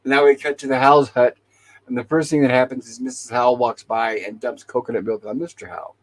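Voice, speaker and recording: A man's voice: medium pitch, fairly even intonation, brisk, low-quality recording. A man hosting a talk show, casually retelling TV episode scenes and quoting the characters' lines. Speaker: podcast host.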